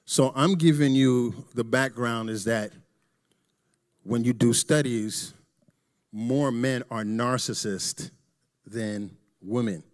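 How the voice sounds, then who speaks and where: A middle-aged man giving a candid, joking talk to a church audience, swinging between loud emphasis and quiet asides. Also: medium pitch, slow. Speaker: church presenter.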